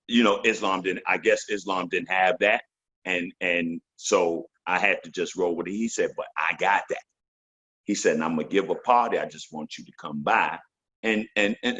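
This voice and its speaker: Husky-voiced man telling profane stories. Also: low voice, moderate pace, fairly bright tone. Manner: profane, loose storytelling with voiced quotes. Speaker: guest, veteran MC. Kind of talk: casual interview storytelling.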